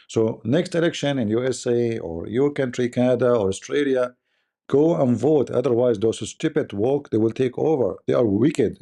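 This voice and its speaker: Dark gravelly guy ranting on a stream, laughs a lot, broken english, mocking tone. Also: mid-range voice. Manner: mocking, emphatic, laughs often while talking; non-native English grammar. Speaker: livestream host. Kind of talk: casual ranting commentary.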